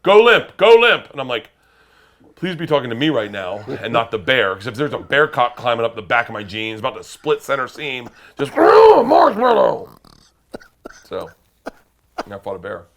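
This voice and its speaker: A man, an interview guest, telling a story in a loud, excitable way, swearing and breaking into shouted quotes. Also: mid-range voice, a little fast. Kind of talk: animated storytelling.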